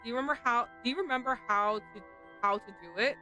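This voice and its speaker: A composed spirit expert, read by a woman in close to her own voice speaks in a measured, formal way. The delivery is calm and plain, as in a visual novel read aloud. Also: fairly high pitch, soft background music, poor audio.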